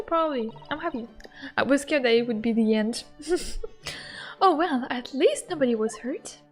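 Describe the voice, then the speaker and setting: Giggly, high-voiced woman streamer. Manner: excitable and giggly, with playful squeals. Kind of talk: casual game commentary.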